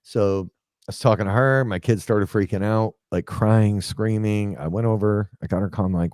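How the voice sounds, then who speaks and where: A fairly low, slightly mellow male voice at a moderate pace belongs to a man in his forties sharing a loose, filler-packed personal story in which he often quotes and performs people's words. The studio recording is dry.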